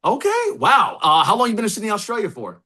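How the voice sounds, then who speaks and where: A man's voice: high-pitched, wildly swooping pitch, fast talker, bright, forceful tone. A man hosting a podcast, talking loosely and chattily with many fillers. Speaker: podcast host. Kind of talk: casual interview.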